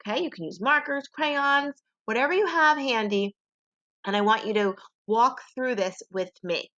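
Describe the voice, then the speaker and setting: A woman's voice: fairly high pitch, lively intonation, moderate pace, fairly bright tone. A woman teacher giving a home phonics lesson to young children, in a patient call-and-repeat manner. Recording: dull lo-fi home recording.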